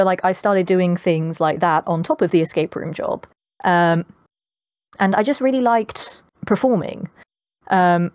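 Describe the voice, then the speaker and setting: A woman's voice: fairly low pitch, a little mellow, no echo. Chatty young British woman, dry sound. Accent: posh British. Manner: chatty, many ums, laughs often. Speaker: guest voice actress. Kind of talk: casual podcast interview.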